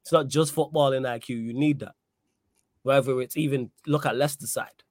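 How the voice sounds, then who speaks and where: A man's voice: mid-range voice, fairly even intonation, a little fast, a little mellow, no room sound, clean studio sound. A man hosting a casual football podcast, talking in an emphatic, opinionated way and repeating his points. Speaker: podcast host. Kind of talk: casual football chat with live chat readout.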